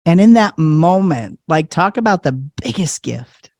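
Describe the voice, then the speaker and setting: Lively man telling a story, dry sound. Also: a little high, a little slow, no echo. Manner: animated storyteller, laughs often, acts out quotes. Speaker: podcast guest. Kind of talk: casual storytelling in an interview.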